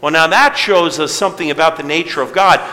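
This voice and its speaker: A man's voice: a little high, fairly quick, sharp tone, big-room sound, rough recording. A middle-aged man preaching a sermon to his congregation in a conversational way, asking rhetorical questions. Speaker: pastor.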